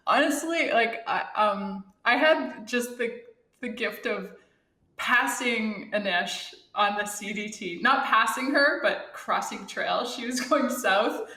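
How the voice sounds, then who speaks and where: A woman's voice: on the high side, slow, sharp tone. Interview guest, middle-aged woman, heartfelt reflective talk, echoey room. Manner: earnest, heartfelt, restarts and fillers. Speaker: guest, Olympic athlete and thru-hiker.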